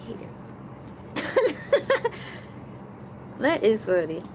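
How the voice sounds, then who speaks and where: A woman hosts a relaxed livestream and talks at a slow, unhurried pace. She runs playfully through her points like a list and jokes with her viewers. Faint noise hangs in the background. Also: medium pitch, rough recording. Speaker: YouTube livestream host. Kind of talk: casual livestream chat.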